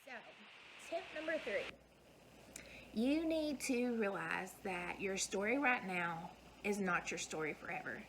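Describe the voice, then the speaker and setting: A woman's voice: medium pitch, expressive, measured pace, noisy background. A woman, giving an earnest, folksy motivational talk to her viewers. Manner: earnest, folksy, emphatic repetition. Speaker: vlogger.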